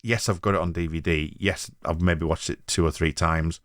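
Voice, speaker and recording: Deep-voiced man rambling on a podcast. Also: steady tone, normal speed, no echo, studio quality. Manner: rambling, hedging, restarts mid-thought. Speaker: podcast host. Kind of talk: casual chat.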